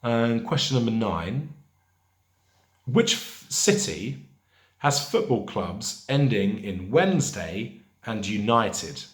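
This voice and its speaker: A man hosting a pub quiz, reading each question slowly and repeating it, with chatty asides between questions. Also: on the low side, lively intonation. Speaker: quiz host. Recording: echoey room.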